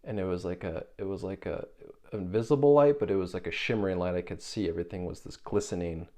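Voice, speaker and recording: Man, young adult, deep low voice, earnest halting storytelling, personal monologue. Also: dark tone. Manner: earnest, halting, with repeated phrases and restarts. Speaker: spiritual video creator.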